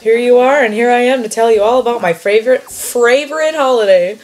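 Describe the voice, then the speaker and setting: A woman's voice: a little high, brisk, a little mellow, pitched above the performer's own voice, lightly acted. A woman reading aloud the lines of a chirpy male bunny in a costume, in a sing-song rhyming patter. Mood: cheery. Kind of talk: reading game dialogue aloud.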